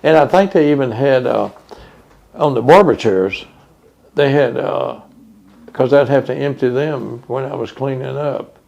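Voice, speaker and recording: An older man from Texas, recalling his hometown in an oral history interview, unhurried and full of fillers. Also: mid-range voice, vocal fry, a little mellow, dull audio. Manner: reminiscing, unhurried with many fillers.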